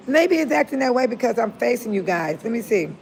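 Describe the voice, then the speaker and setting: A woman's voice: fairly high pitch, sing-song, fairly quick, gravelly, darkish tone, a little hiss or hum. An older retired woman chatting casually with viewers on a phone livestream, laughing often and talking straight to them. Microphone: phone held close to the face.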